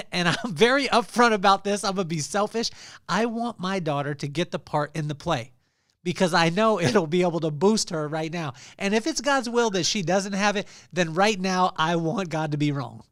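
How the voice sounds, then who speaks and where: A man's voice: high-pitched, normal speed, a bit bright, no room sound, clean studio sound. A man hosting a podcast, talking candidly and laughing as he speaks in casual interview chat. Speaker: podcast host.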